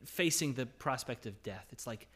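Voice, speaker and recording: With an expressive, somewhat bright and husky voice at normal speed, a male pastor reads psalm verses during his sermon. He gets higher and louder as he calls out their anguished cries. Then he relaxes into conversational speech, regularly checking in with "right?"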